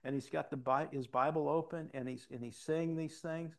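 A man's voice: on the high side, steady tone, normal speed. An older man, a pastor, preaching a sermon in a conversational storytelling way with frequent restarts.

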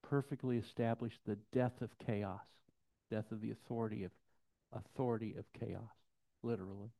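A man's voice: on the low side, normal speed, creaky. Man preaching a storytelling sermon. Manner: storytelling, animated quotes, drops to soft intensity. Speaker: pastor. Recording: dull lo-fi sound.

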